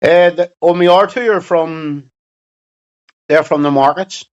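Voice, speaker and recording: A man's voice: on the high side, measured pace, clean tone, lo-fi sound. A man with a Belfast accent chatting casually on a livestream, reading out chat and answering with sweary, mocking banter.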